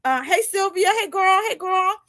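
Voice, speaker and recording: A woman's voice: very high voice, moderate pace, sharp tone, no echo. A woman in her fifties hosting a casual live video chat as a podcast host and coach. She talks animatedly, laughs often and acts out little dialogues. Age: 50s.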